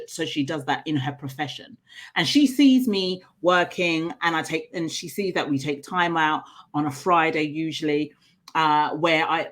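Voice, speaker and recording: A middle-aged woman, a coach and trainer, telling personal stories in an interview in an earnest, animated way. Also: low-pitched. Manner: earnest, animated storytelling with laughs.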